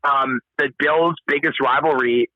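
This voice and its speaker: A man's voice: mid-range voice, steady tone, unhurried, pushed and bright, no room sound. Goofy rambling man on muffled call audio. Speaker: guest. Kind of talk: casual chat over a live stream call.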